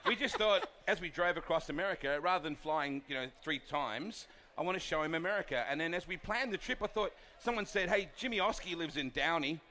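Australian male announcer, bright tone, chatty and laughing, faint noise behind. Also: a little high, animated, a little fast. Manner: laughing storyteller. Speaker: race announcer. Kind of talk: casual chat.

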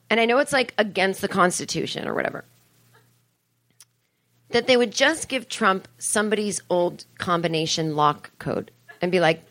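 A woman's voice: lowish voice, brisk, a bit bright. A woman comedian talking to a live crowd on a club stage, rambling and acting out the people she quotes. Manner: rambling, acts out quoted voices. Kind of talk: live stand-up crowd talk.

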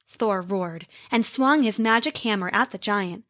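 Expressive woman storyteller. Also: medium pitch, unhurried, few pauses, dry recording, clean studio sound. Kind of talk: scripted narration.

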